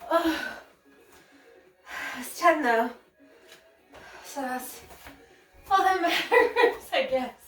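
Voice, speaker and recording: A woman's voice: high-pitched, expressive, takes it slowly, long pauses. A woman leading a casual yoga session, out of breath, sighing between chatty remarks. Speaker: yoga instructor. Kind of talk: casual yoga class talk. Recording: echoey room, mic at a distance, soft music.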